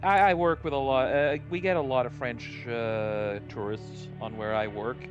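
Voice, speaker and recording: A man's voice: mid-range voice, steady tone, moderate pace, highs cut off, over music. A man from Norway hosting a casual chat, brash and joking, with plenty of swearing. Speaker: podcast host.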